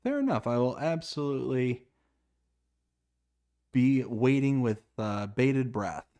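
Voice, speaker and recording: A man's voice: mid-range voice, animated, slow pace, warm tone. A man hosting a livestream interview, reading viewer questions and asking long, wordy questions with enthusiasm.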